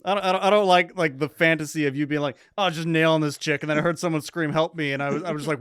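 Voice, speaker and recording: A man's voice: fairly high pitch, steady tone, racing, hardly any pauses, a bit bright, smooth. A man co-hosting a podcast in casual chat, hesitant and repeating his words, with some swearing. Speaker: podcast co-host.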